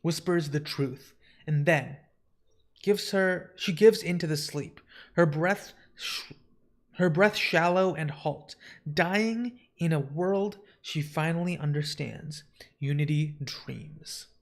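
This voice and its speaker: A man reading a comic book aloud on a live stream in a fairly high voice. He narrates plainly and drops in casual asides. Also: takes it slowly.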